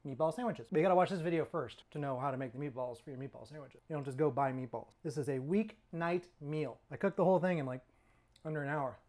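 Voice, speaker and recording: A man's voice: fairly high pitch, quick pace, a little mellow. Chatty man hosting a cooking vlog. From California. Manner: chatty, rambling, self-mocking jokes; talks while eating. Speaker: cooking channel host.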